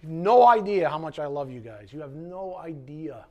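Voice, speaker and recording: A man's voice: fairly high pitch, animated, moderate pace. A man preaching a sermon as pastor, impassioned, with sarcastic asides to the congregation. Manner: impassioned, swings from quiet to loud.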